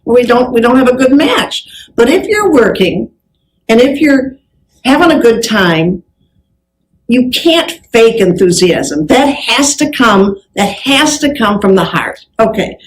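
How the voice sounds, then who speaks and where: Lively woman telling stories on stage. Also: a little high, unhurried, low-quality recording. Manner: lively storyteller who acts out dialogue. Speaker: business speaker. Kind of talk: live motivational talk with anecdotes.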